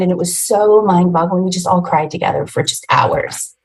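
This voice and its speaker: Woman, 40s, podcast guest, husky, low-pitched, emotional rambling storytelling. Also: normal speed, hardly any pauses, darkish tone, rough recording. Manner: emotional, rambling retelling with nervous laughs. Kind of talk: personal storytelling in an interview.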